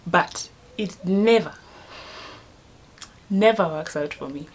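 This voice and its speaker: This vlogger, a young woman with a Kenyan accent, speaks slowly in a lowish, slightly rough voice. She tells rambling stories in a casual way, laughs at herself, and now and then lowers her voice to a whisper.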